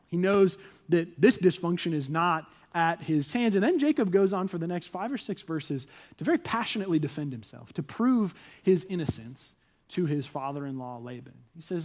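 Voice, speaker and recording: A young male pastor preaches from a church stage, his voice sitting high for a man. He tells the story with lively energy and acts out the people in it. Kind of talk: sermon.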